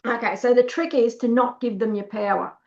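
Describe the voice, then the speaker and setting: Brisk and a little high, with fairly even intonation and a darkish tone, a middle-aged woman shares stories on a webinar, voicing other people's lines and frequently starting over. The highs in the recording are cut off.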